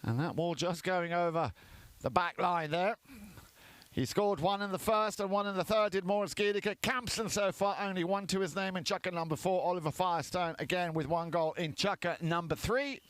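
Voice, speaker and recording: A man giving chatty live commentary on a polo match, lifting in excitement at goals. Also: high voice, moderate pace, no room sound.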